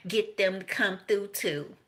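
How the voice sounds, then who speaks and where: A woman's voice: medium pitch, measured pace, fairly bright tone. An older woman giving a casual tarot reading, rambling and profane, laughing often between remarks. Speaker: tarot reader.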